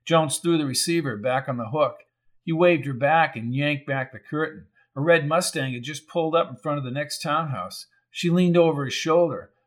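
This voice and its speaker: A man reading a crime novel aloud in even, measured scripted narration. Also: fairly high pitch. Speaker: audiobook narrator.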